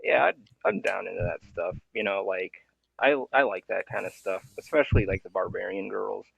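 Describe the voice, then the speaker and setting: A man's voice: sits low, steady tone, moderate pace, creaky, fairly bright tone, slightly rough, dry recording, rough recording. A man guesting on an interview, talking in a loose, hesitant, slangy way and laughing often. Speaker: guest comic artist. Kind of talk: casual interview chat.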